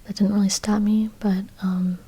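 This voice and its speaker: A woman's voice: mid-range voice, level tone, normal speed, warm tone, husky. A woman in her twenties whispering a rambling chat ASMR video, full of fillers and "like"s, in a whispered role-play style. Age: 20s. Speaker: ASMR YouTuber.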